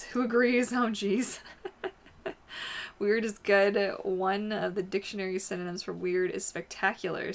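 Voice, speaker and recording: A woman's voice: mid-range voice, gravelly, fairly bright tone. A woman hosting a casual livestream, chatting and answering viewer comments as she reads them out. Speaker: livestream host.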